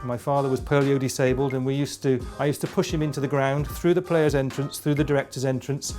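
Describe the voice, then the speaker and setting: A middle-aged man, a football supporter, telling an anecdote in a relaxed reminiscing way. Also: mid-range voice, fast, faint music behind. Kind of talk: reminiscing interview.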